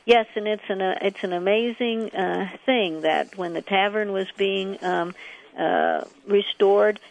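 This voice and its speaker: A woman from a local preservation group giving a radio interview, hesitant and full of ums and restarts, quick to laugh. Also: mid-range voice, steady tone, vocal fry. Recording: lo-fi radio audio.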